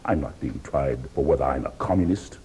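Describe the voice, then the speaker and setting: Man, 50s, from the US, booming defiant witness, very low husky voice. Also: brisk, dark tone, poor audio. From United States. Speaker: witness at a hearing. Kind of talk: archival hearing testimony.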